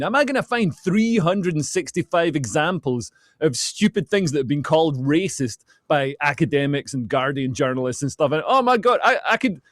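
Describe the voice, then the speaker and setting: A man guesting on a talk radio show as a comedian, with a sardonic, quick comic delivery. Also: a little high, no room sound, clean studio sound. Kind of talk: casual talk radio chat.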